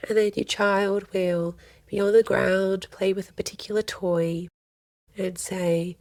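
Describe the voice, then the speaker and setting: A woman's voice: mid-range voice, moderate pace, creaky, darkish tone, no echo. A woman, a counselor speaking earnestly in a podcast interview and often voicing quoted speech. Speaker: family and child counselor, guest. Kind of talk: podcast interview, casual advice.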